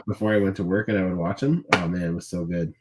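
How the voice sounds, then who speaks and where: A man co-hosting a podcast, stuffed up and nasal from a cold. He talks in an easygoing, agreeable way. His voice sits fairly low. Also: steady tone, fast talker, heavy background noise. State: congested with a cold. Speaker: podcast co-host. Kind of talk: casual chat.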